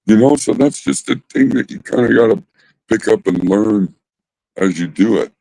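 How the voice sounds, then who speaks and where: A man's voice: lowish voice, moderate pace, vocal fry, warm tone, dry recording, low-quality recording. A man hosting a casual livestream chat, laid-back and rambling, with casual swearing. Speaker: host.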